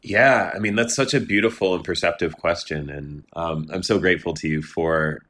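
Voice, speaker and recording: A male poet talking thoughtfully in an interview, searching for words, then reading his own poem slowly. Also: low-pitched, a bit bright. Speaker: poet guest. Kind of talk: interview talk and poetry reading.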